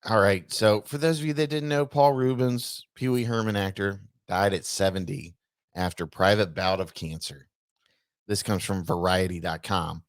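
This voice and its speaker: A man's voice: low-pitched, normal speed, no echo, studio quality. A man co-hosting a casual podcast, reading a news article aloud and stumbling over words with offhand asides. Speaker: podcast co-host.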